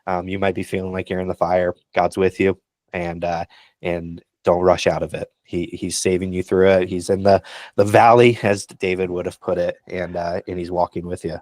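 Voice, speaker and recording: A man with a deep voice that stays low and level speaks in a casual podcast discussion. He sounds encouraging and pastoral, peppering his thoughts with ums, and the recording is dry with no room sound. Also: little pitch movement, moderate pace, a little mellow, no echo. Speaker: podcast co-host.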